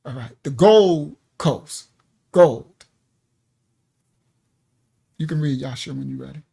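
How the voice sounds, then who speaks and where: Animated man teaching a livestream, slightly high. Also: takes it slowly, vocal fry, slightly rough. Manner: animated, emphatic, talks to viewers at home; casual, laughs often. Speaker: ministry teacher.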